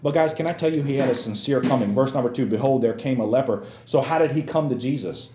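A man's voice: medium pitch, fast talker, dark tone, roomy sound, soft background music. A man teaching a Bible lesson to a youth class, emphatic and addressing his listeners directly.

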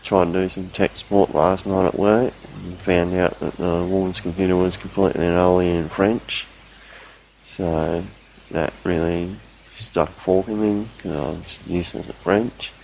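Deep gravelly man, rambling report. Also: fairly even intonation, normal speed, a little mellow, slight background noise, poor audio. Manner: rambling, self-mocking. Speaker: listener sending a recorded report. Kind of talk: casual recorded voice message.

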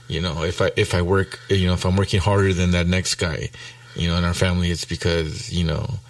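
A man's voice: deep voice, little pitch movement, a little fast, dry recording, recorded from a distance. A middle-aged man, talking casually and bluntly with heavy swearing and bits of Spanish. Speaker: guest. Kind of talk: casual chat. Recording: dry sound, speaker off mic.

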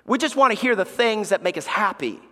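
A male pastor preaching a sermon, swinging between loud emphatic lines and hushed, near-whispered ones. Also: high voice, expressive, brisk. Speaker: executive pastor. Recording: long reverb of a large hall.

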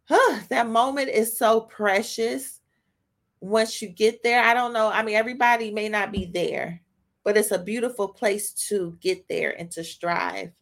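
A woman hosting a faith podcast, speaking off the cuff, emotional and choked up, halting with frequent restarts. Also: medium pitch, fairly even intonation, gravelly. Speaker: podcast host giving a devotional. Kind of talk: spontaneous faith talk.

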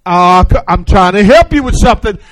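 A man preaching a sermon in call-and-response style, swinging from shouted declarations to hushed, confiding asides. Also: high-pitched, animated, brisk, low-quality recording.

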